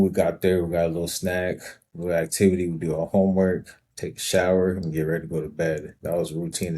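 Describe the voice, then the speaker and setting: A man hosting his own show, slowly and reflectively recounting his life story with frequent pauses and ums. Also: low-pitched, mellow. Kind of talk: personal storytelling monologue.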